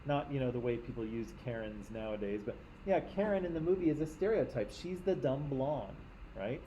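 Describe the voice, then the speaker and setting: A man gives a classroom lecture in a relaxed, conversational way. His voice is dark and mellow at an ordinary pitch, and he keeps checking in with the class. A faint hiss sits under the recording. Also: normal speed, dull audio. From Canada. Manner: conversational, often checks in with "right?". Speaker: teacher.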